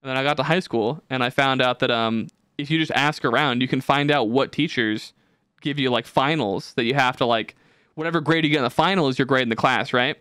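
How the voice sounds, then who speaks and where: A young man hosting a podcast, telling stories in a profane, ranting, animated way. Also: mid-range voice, brisk, clear, resonant tone, dry recording, studio quality. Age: young adult. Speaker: podcast host. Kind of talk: casual podcast chat.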